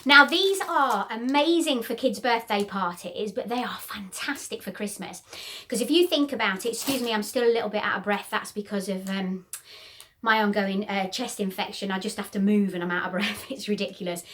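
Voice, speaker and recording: A woman's voice: mid-range voice, normal speed, bright, forceful tone, slight background noise. A middle-aged woman hosts a casual DIY craft tutorial, talking in a bubbly, rambling way with frequent ums. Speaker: host of a home crafts channel.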